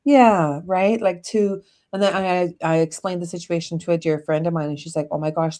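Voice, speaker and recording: Middle-aged female co-host with a deep, low register; candid storyteller, blunt, swears now and then. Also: darkish tone. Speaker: podcast co-host. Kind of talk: casual conversation.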